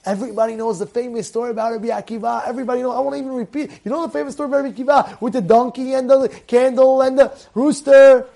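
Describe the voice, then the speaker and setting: A man teaching a Torah class in a lively storytelling way, repeating phrases and acting out the people in his stories. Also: very high-pitched, very fast, gravelly, few pauses. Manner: animated, repeats phrases, acts out characters.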